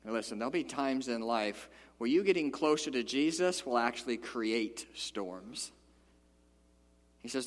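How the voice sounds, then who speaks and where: A man preaching a sermon in a church, animated and emphatic, rising to loud peaks and dropping to quiet asides. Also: medium pitch. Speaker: pastor. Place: church sanctuary. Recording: long hall reverb.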